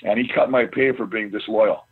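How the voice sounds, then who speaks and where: A man's voice: fairly low pitch, fairly quick, vocal fry, husky, phone-quality sound. A middle-aged man, a former pro football lineman, telling boisterous stories in casual chat and swearing freely. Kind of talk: casual storytelling.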